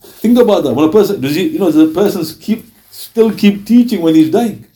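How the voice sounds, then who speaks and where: A man's voice: high voice, lively intonation, brisk, mellow. A man giving an Islamic history lecture, reading narrations and asking rhetorical questions, often acting out the quoted speakers with dramatic emphasis. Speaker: Islamic teacher. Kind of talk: religious lecture.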